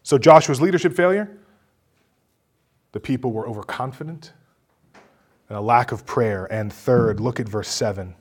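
A male pastor preaching a sermon, his voice dropping low and quiet and then rising into loud, emphatic bursts. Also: moderate pace, pauses often, husky.

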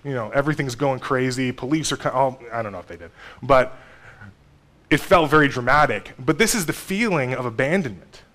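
A man in his thirties delivers a sermon as a pastor. He talks to the congregation in a conversational way. His voice swings from emphatic, raised lines to quiet, low asides. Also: brisk. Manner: conversational, animated with sudden loud and soft turns.

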